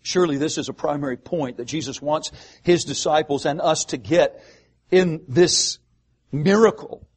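A man pastor preaching a sermon, asking the congregation rhetorical questions and pausing for emphasis. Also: on the high side, breathy edge.

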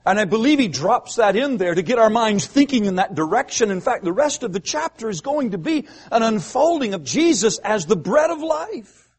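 A man pastor preaching a sermon, asking the congregation rhetorical questions and pausing for emphasis. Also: sits high, sing-song, slightly rough.

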